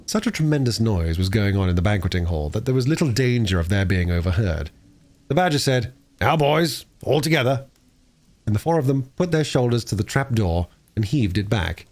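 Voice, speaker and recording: A man reading a classic novel aloud in an expressive, lively storytelling manner, with the odd small slip. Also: on the low side, a little fast. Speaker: audiobook reader.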